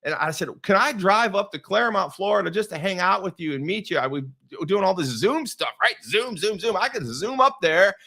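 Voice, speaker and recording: A man's voice: high voice, a little fast, few pauses. A man hosting a show, telling a story with energy and acting out both sides of quoted conversations. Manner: animated storyteller, acts out quoted dialogue. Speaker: host.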